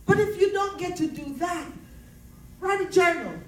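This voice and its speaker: A woman's voice: extremely high pitch, animated, normal speed, a little hiss or hum. A woman giving a faith-based personal testimony in an earnest, preaching cadence, repeating her key phrases. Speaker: speaker sharing personal testimony. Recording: roomy, distant mic.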